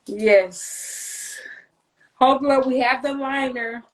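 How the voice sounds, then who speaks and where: Woman, livestream host; unhurried, loose and profane, higher voice. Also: poor audio. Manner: loose, rambling, profane and joking. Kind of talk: casual livestream chat.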